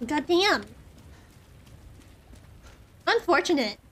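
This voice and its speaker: A woman's voice: high voice, lively intonation, takes it slowly, pauses often. A woman streaming a horror game, rambling nervously, swearing often and filling her talk with "like". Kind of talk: casual gameplay commentary.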